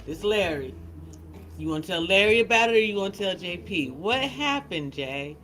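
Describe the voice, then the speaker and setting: A woman hosting a casual livestream. She chats in an animated, teasing way, laughs often, and restarts her sentences a lot. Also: on the low side, moderate pace, low-quality recording. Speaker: livestream host.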